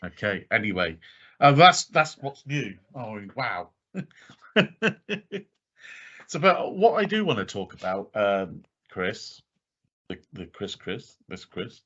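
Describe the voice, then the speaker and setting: A man's voice: fairly low pitch, sing-song, slow pace, long pauses, pushed and bright, dull audio. A man co-hosting a podcast in casual chat, talking loosely with fillers and frequent laughs. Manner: chatty, laughs often, many fillers. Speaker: podcast co-host.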